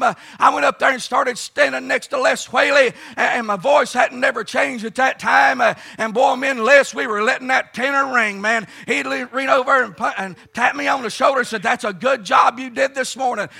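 High, gravelly shouting preacher. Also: male voice, steady tone, normal speed, few pauses. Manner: fervent, folksy storytelling with frequent "uh" and "let me tell you something". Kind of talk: shouted revival sermon. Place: camp meeting service.

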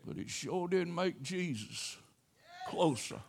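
An older man delivers a sermon from the pulpit. His voice sits a little high and swings widely in pitch. He takes his time, telling a personal story in a folksy way and breaking into sudden loud exclamations. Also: lively intonation, takes it slowly, creaky, a little hiss or hum. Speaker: pastor.

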